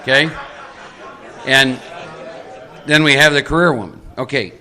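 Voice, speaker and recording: A middle-aged Texan man with a mid-range, slightly slow voice and a sharp tone leads a live recovery workshop, with some chatter in the background. He coaches audience volunteers into roles and speaks emphatically, repeating key points to drive them home.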